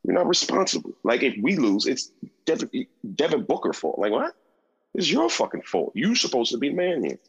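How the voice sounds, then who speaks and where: A man's voice: mid-range voice, wildly swooping pitch, a little fast, husky, low-quality recording. A man co-hosting a casual sports podcast, talking in a blunt, profane and opinionated way. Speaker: podcast co-host.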